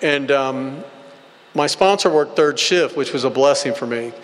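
At a meeting, a man gives a personal recovery testimony, telling stories bluntly and casually as he rambles with plenty of filler words. His voice is medium-pitched and unhurried, and the hall has a long reverb.

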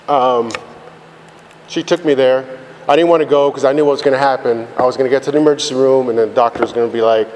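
A man tells his recovery story in candid, rambling testimony, swearing freely and leaning on fillers. His middle-pitched voice carries a long hall reverb. A faint hum of background noise sits under it. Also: steady tone, fast talker, darkish tone. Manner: blunt and profane, rambling with many fillers.

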